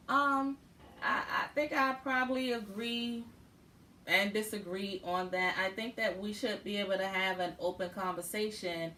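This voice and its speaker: A woman's voice: medium pitch, a bit bright, recorded from a distance, a little hiss or hum. A woman hosting a casual talk show, encouraging her guest with frequent "mm-hmm" and musing with "um". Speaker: host. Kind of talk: casual chat.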